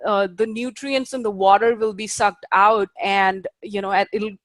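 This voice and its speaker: A woman's voice: mid-range voice, steady tone, measured pace, no echo. A woman teaching a class. She explains patiently with fillers, checks whether her students understand, and takes care over Sanskrit pronunciation. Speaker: Ayurveda teacher. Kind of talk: lecturing a class.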